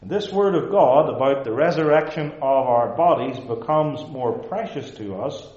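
A male pastor preaching a sermon to a live congregation in a measured, emphatic way, stressing short repeated phrases. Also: on the high side, mellow, reverberant, highs cut off. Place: church service before a live congregation.

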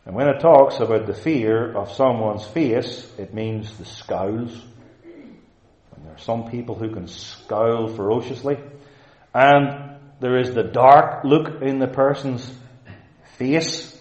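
A man preaching a sermon in an earnest, emphatic way, slowing down to stress key words. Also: medium pitch, a little mellow. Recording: roomy, dull lo-fi sound.

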